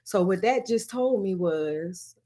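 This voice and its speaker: A woman talks straight to camera in a casual storytime vlog. She is animated and blunt, swears freely, and slips into the voices of the people she quotes. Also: mid-range voice, slow pace. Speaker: vlogger telling a story.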